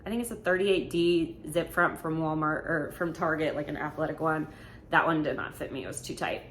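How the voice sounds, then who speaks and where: A young woman in her twenties with a drawl chats frankly in a casual vlog, with lots of "um" and "like". Her voice sits a little low, and faint room hum runs behind her. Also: brisk, a bit bright. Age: 20s. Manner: chatty, filler-heavy, frank. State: slightly out of breath. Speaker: vlogger.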